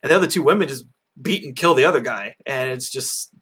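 A man's voice: mid-range voice, fast talker, fairly bright tone, husky. A man hosting a casual movie review chat over an online call, rambling with lots of fillers and restarts. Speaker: podcast host. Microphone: own mic on an online call.

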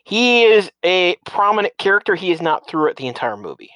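A man's voice: high-pitched, sing-song, a little fast, sharp tone, dry recording, rough recording. A man in casual chat who rambles, restarting and repeating words often.

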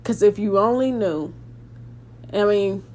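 A woman's voice: medium pitch, slow pace, darkish tone. A woman, hosting a preaching podcast and praying aloud with fervent emphasis. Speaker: podcast host.

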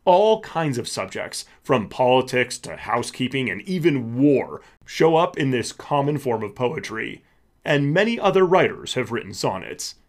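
A man reading a scripted educational lesson for children, with clear emphasis on each point. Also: medium pitch, very animated, normal speed. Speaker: podcast host. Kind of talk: scripted educational narration for kids.

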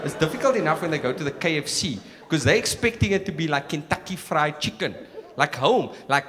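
South African comedian in a reverberant theatre. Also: male voice, fairly high pitch. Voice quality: animated, quick storytelling with asides. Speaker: stand-up comedian. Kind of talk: stand-up comedy set. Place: live theatre stage. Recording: live theatre with long reverb and audience.

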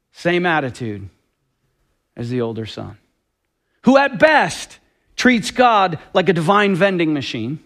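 A man's voice: a little high, a bit bright. A man preaching a sermon with passion and emphasis, often acting out quoted dialogue. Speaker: pastor.

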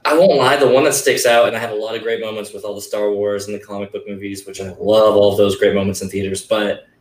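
A man's voice: on the low side, fairly even intonation, fast talker, recorded from a distance. A man chatting casually on a panel, reminiscing with enthusiasm. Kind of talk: casual chat. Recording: roomy with faint noise.

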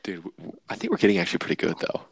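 Deep and creaky, slightly rough, and rapid-fire, this young male podcast co-host speaks on a clean, echo-free recording. Laughing as he goes, he spins animated stories and performs the quotes.

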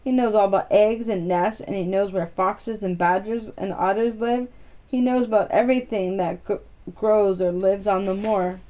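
A woman's voice: mid-range voice, fairly even intonation, normal speed, mellow, dull audio, lightly acted. A woman voicing a frank, contrary young girl who speaks plainly and earnestly, in a storybook reading.

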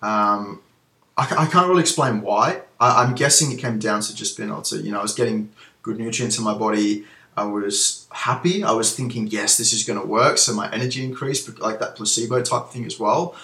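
Low-voiced man talking candidly, echoey room. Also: brisk, sharp tone. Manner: candid, rambling, self-reflective, many fillers and restarts. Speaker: guest, former gym owner. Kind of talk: casual interview chat.

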